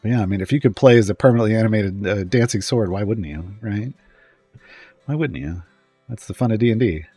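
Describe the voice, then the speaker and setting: A man chatting casually on a live stream, rambling and often trailing off with pauses and small chuckles. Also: lowish voice, mellow, husky, no room sound, soft background music.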